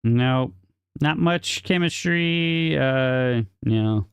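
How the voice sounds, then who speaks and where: A man's voice: mid-range voice, very slow, smooth, no room sound. A man live-streaming a city-building game, chatting casually and joking with viewers in chat while he plays. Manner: chatty, jokey, talks to chat viewers by name.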